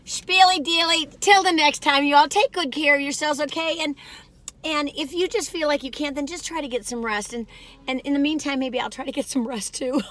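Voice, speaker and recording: A woman in her sixties chats into the camera in a loose, wandering way, circling back with ums and restarts as she goes. Her voice has a bright, forward tone. She pokes fun at herself in little asides between her food ratings. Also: sits high, brisk. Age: 60s. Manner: chatty, wandering, lots of fillers and restarts; self-deprecating, joking asides. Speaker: food review vlogger. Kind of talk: rambling casual storytelling.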